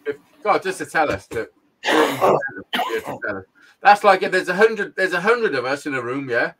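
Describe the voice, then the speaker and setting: A man's voice: fairly high pitch, big pitch swings, fairly quick, fairly bright tone. A middle-aged man, co-hosting a podcast and telling a blunt, sweary story with frequent laughs. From Wales. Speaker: podcast co-host. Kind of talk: casual storytelling chat.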